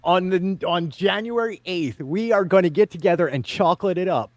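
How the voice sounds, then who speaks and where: Lively, animated man hosting a chat. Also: high voice, normal speed, dry recording. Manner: animated, laughs often, steers the talk. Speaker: podcast host. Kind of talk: casual group chat.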